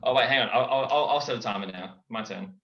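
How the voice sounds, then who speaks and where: A man's voice: mid-range voice, fast. A young man chatting as a guest on a video call. He is playful and often repeats words as he starts a sentence. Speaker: guest comedian and impressionist. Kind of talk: casual chat over a call. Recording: dull lo-fi call audio.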